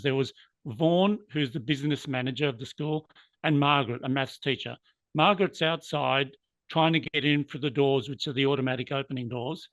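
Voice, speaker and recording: A man's voice: medium pitch, no echo. A man, an interview guest earnestly recounting a personal story, sometimes moved by it. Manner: earnest, moved to emotion at times. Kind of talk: reflective storytelling.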